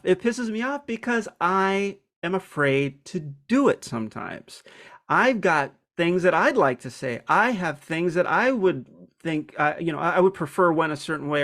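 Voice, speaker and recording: A man's voice: fairly high pitch, fairly bright tone. A man hosting a self-help video, talking through a personal topic in a casual, reflective way, candid and hesitant, with many ums and restarts.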